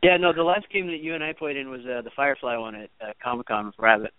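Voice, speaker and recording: A man's voice: medium pitch, steady tone, fast talker, smooth, no room sound. A man hosting a casual interview, easygoing and chiming in with brief, friendly interjections. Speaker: podcast host. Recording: tinny phone line, dry.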